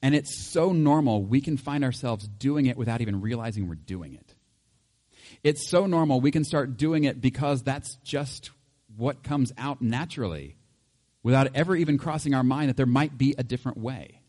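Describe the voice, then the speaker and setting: Here the pastor's mid-range voice is expressive and a little mellow, moving at a normal speed through a large hall. His sermon stays conversational and easygoing, full of chuckles and familiar everyday illustrations.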